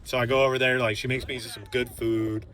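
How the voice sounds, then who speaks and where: Rambling young man, steady mid pitch. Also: a little fast. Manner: rambling, heavy filler words, laughs to himself. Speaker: gaming channel host. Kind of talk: casual storytelling over gameplay.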